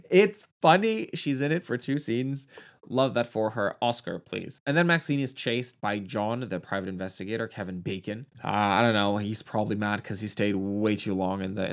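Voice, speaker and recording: A man giving a casual, sarcastic film review, swearing freely and laughing along. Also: fairly low pitch.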